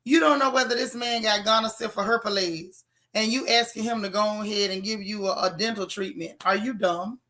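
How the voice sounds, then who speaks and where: A woman's voice: mid-range voice, normal speed, fairly bright tone. A woman hosting a casual live chat, blunt and sassy, reading viewer comments aloud. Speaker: livestream host.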